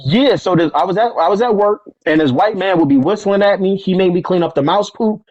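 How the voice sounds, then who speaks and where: A man in relaxed conversation telling stories from his life, acting out what others said, with street slang. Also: high voice, brisk, dry recording, lo-fi sound. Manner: animated, acts out quoted voices, street slang. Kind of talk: casual storytelling conversation.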